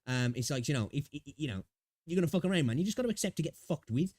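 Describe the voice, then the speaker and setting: Brief: male streamer, quick rambling banter, dry close-mic sound. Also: a little high, animated, a little mellow, dry recording. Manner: rambling and sweary, many fillers. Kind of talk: casual live-stream chat.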